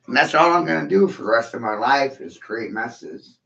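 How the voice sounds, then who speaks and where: A man's voice: medium pitch, expressive, normal speed, creaky, fairly bright tone. Crude, mocking man in an echoey room. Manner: crude, profane, mocking, rambling. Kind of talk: rambling monologue. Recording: echoey room, dull lo-fi sound.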